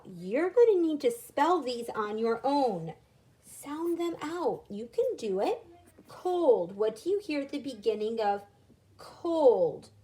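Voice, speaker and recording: A woman teacher giving a recorded phonics lesson to young children, slowly sounding out letters and words. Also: on the high side, low-quality recording.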